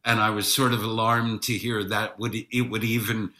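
A man, an actor guest on an interview, talking in a dry, measured, understated way. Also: fairly low pitch, little pitch movement, pushed and bright. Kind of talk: casual interview chat.

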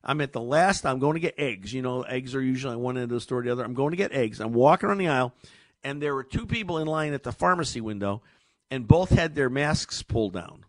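A man hosting a call-in radio show, telling stories in an animated way and often repeating words as he talks. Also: medium pitch, quick pace, no room sound. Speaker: radio talk show host. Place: radio studio. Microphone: studio microphone.

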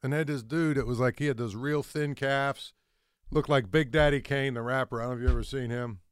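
Smooth-voiced man telling sports stories. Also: mid-range voice, brisk, dry recording, studio quality. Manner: animated storyteller, excitable. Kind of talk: casual sports talk.

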